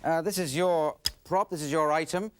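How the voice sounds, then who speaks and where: A man's voice: on the high side, steady tone, moderate pace. A man hosting an improv comedy show, hesitant and full of little restarts. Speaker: game show host. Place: TV studio with live audience.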